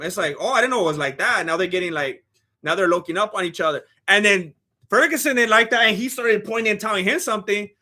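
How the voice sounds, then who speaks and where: A man hosting a live fight watch-along, talking casually and excitably, rambling with restarts and bursts of shouting. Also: high voice.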